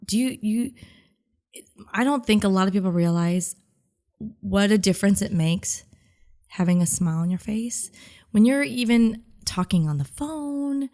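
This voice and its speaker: A woman's voice: mid-range voice, expressive, measured pace, darkish tone. A woman with a head cold co-hosting a casual radio-style show, playful and laughing lightly. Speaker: podcast co-host. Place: outdoors near a beach.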